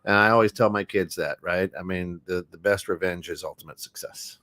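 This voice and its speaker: A man's voice: low-pitched, fairly quick, pushed and bright. A man co-hosting a podcast, talking earnestly in a casual motivational chat, often repeating words. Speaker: podcast co-host.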